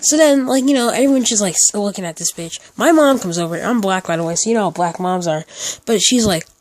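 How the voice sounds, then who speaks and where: Talking fast in a high-pitched voice, a teen storytime YouTuber narrates a story casually. He rambles, restarts a lot, and leans heavily on "like."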